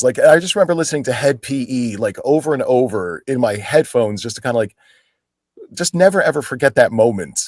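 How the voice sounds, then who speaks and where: Actor guest, 40s male, casual and chatty, lively pitch, dry recording. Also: brisk, no echo. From Pennsylvania, United States. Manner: animated, chatty, full of "like" fillers, acts out quoted people. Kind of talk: casual storytelling in an interview.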